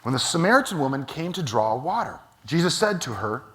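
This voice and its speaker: A man's voice: a little high, very animated, brisk, a bit bright. Conversational male pastor telling stories. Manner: conversational storytelling with self-deprecating humor. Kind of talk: sermon. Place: church sanctuary.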